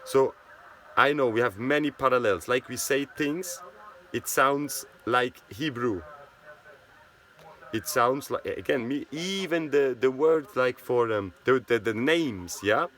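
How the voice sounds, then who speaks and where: Swiss german accented guy rambling thru a history talk, unhurried, keeps tacking on "yeah?". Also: medium pitch, a bit bright. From Switzerland. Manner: rambling, tag questions like "yeah?". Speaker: history speaker.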